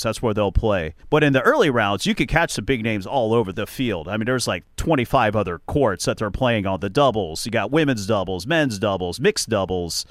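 A chatty man hosts a podcast, telling his stories with animated energy and frequent laughs. His voice sits in a middle register. The sound is dry and close. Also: mid-range voice, no echo. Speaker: podcast host. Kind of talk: casual chat.

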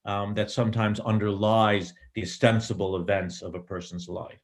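A middle-aged man, a screenwriter, giving reflective interview answers in a thoughtful, digressive way with many pauses and ums. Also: lowish voice, flat delivery. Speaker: screenwriter and director.

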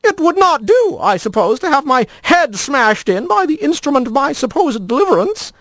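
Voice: very animated, moderate pace, fairly bright tone, dry recording, heavily acted. A storyteller voicing a timid, fussy male lizard who talks in a wobbly voice with stiff, overly proper words in a radio story reading. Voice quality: wobbly, high. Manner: pompous, overly proper wording. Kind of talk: audio drama reading.

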